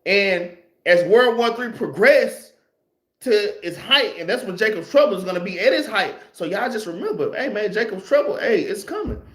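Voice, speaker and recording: A man's voice: sits high, expressive, normal speed, a bit bright. A man teaches a casual Bible class, reading verses aloud and explaining them in a loose, conversational way that keeps ending phrases with "man.". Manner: reads scripture aloud, then explains it.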